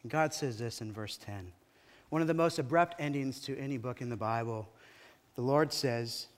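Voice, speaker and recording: A man's voice: medium pitch, moderate pace, in a large hall. A man preaching a sermon as a pastor, retelling a story in a conversational, dramatic way.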